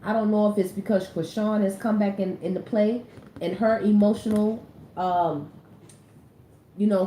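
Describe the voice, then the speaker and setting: Mellow-voiced woman doing casual tarot commentary. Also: mid-range voice, a little hiss or hum. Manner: chatty, slangy, repeats phrases for emphasis. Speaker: tarot reader. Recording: roomy echoey recording.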